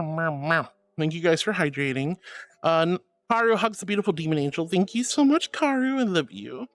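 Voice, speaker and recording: Bubbly high-voiced man doting on his chat. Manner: affectionate, calls viewers sweetie and honey. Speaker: VTuber streamer. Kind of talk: casual live-stream chat, reading chat aloud. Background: faint background music.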